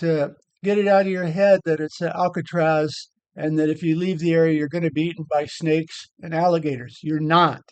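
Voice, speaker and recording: A man's voice: a little high, a little mellow, smooth, dry recording, muffled recording. An older man rambling casually over photos of an old hike, blunt, with many repeated words. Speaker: vlogger.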